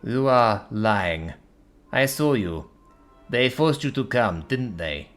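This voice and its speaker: A man's voice: mid-range voice, wildly swooping pitch, slow, a bit bright, soft background music, voice pushed up, exaggerated voice. A man voicing a sad, insecure young male dragon who speaks hesitantly and plaintively.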